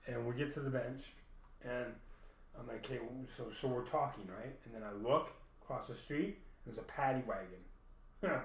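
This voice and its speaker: A man's voice: medium pitch, fairly bright tone. A man telling a long profane story in a rambling, casual way, acting out the dialogue. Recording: echoey room, mic at a distance.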